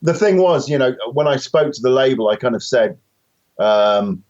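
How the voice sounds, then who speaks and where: British musician guest, low voice, muffled remote line, rambling self-deprecating talk. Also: male voice, fairly quick, darkish tone. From Britain. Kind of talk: casual interview chat.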